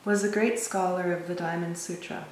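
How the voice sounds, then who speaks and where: A woman in a group reading a story aloud in a calm, measured way. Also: lowish voice, slight background noise. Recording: very echoey room, mic far off.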